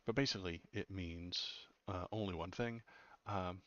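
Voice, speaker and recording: A man's voice: deep voice, a little slow, a bit bright, no echo, lo-fi sound. A man hosting casual political commentary, blunt and sarcastic, sometimes stumbling over words.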